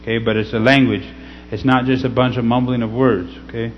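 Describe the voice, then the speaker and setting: A man reading scripture slowly and teaching in a casual way, often checking in with "okay?". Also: mid-range voice, flat delivery. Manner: slow, deliberate scripture reading. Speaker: pastor. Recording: slightly dull recording with faint hum.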